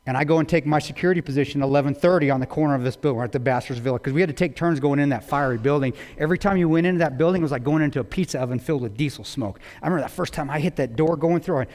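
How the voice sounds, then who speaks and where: A man's voice: racing, hardly any pauses. Intense man telling a war story in a hall. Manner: intense, swinging between loud bursts and hushed low lines. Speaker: guest speaker. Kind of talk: storytelling talk to an audience. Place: large auditorium. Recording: long hall reverb.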